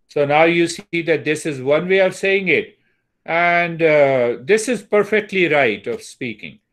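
A man teaching yoga verses, reciting each word slowly and repeating them for students to follow. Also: fairly high pitch, expressive, a bit bright. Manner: drawn-out, careful chanting of Sanskrit verses, repeating for practice. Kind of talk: slow recitation lesson.

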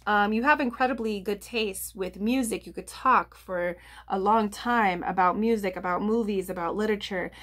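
A woman giving a casual tarot reading to viewers, rambling with lots of fillers, restarts and "I feel like.". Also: medium pitch. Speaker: tarot reader.

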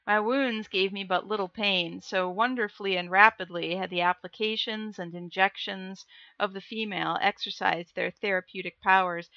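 Bright-voiced woman reading to stream chat. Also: medium pitch, no room sound, muffled recording. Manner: jokey, chatty asides to chat. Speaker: livestream book reader. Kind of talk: reading a novel aloud with chat asides.

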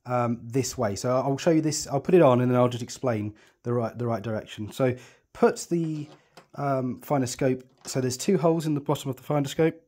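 In a dark, medium-pitched voice, a man briskly explains how to set up a telescope, step by step as he works. It's a hands-on tutorial, and he sounds chatty and reassuring, often thinking out loud.

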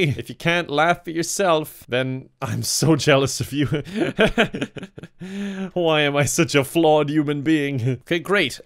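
A young Irish man giving sweary, laughing let's play commentary and talking to the animals in the game. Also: mid-range voice. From Ireland. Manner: swears a lot, laughs often, talks to animals. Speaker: gaming YouTuber.

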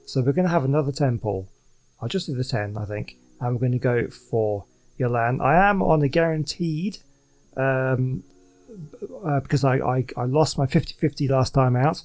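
A man giving casual commentary while playing a video game, rambling and excitable, with many fillers and restarts. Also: medium pitch. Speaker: let's play gamer.

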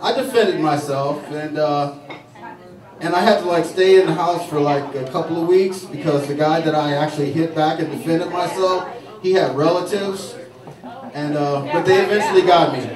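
A slightly high, a little mellow male voice at normal speed delivers a stand-up routine in a saloon, wandering through stories with fillers and restarts. Laughter from the crowd comes through a distant, echoey bar recording.

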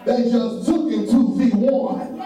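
A high-voiced man preaches with a mellow, soft-edged tone and the rolling rhythm of call-and-response. He repeats his phrases and tosses in "huh?" to the congregation, now and then lifting a line into half-song. He is caught from far back in a very echoey sanctuary, with faint music underneath. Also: takes it slowly. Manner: slides into half-sung phrases. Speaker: pastor. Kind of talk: sermon. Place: church sanctuary.

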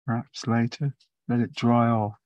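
A man's voice: medium pitch, flat delivery, moderate pace, darkish tone, no echo, dull audio. A man giving a casual watercolour painting demonstration, chatty and rambling as he thinks aloud. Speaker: watercolour tutor.

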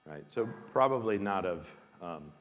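A seminary dean, appearing as a guest speaker, gives an informal lecture with questions in a very low voice, thoughtful and emphatic with lively intonation. He often pauses on fillers and restarts phrases. A long reverb suggests a large hall, with slight background noise.

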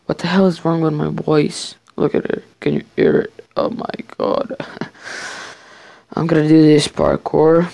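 Man gamer, casual play commentary, gravelly and unhurried, jokey bragging and frequent swearing, dry close sound. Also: a little high, dry recording. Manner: excitable, swears, jokingly boasts. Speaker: gamer playing a survival match. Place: his bedroom.

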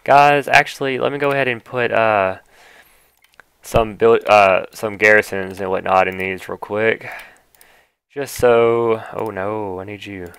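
A man with a smooth, resonant voice sitting slightly low in pitch, talking through a video game in a loose, exclamatory way. The sound is dry and close with no room echo. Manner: excitable and exclamatory, quick to mock and laugh. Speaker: gaming YouTuber. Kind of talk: casual gameplay commentary.

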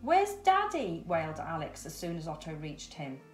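Low-voiced woman reading a children's story. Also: faint music behind. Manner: measured, expressive read-aloud. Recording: echoey room.

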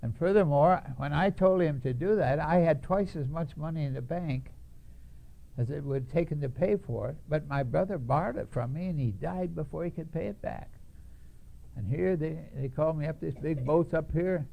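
A man's voice: fairly high pitch, moderate pace, gravelly, dark tone. An older man telling his life story to an audience in a blunt, folksy way, chuckling at his own punchlines.

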